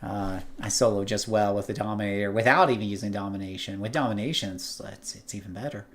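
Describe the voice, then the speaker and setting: A man talks through his gameplay in a relaxed, chatty way, tossing out wry asides as things happen on screen. He speaks into a headset, with a faint background hiss. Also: fairly low pitch, fast talker. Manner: chatty, wry, exclaiming at the game. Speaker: gaming streamer. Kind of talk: casual gameplay commentary. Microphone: headset earpiece.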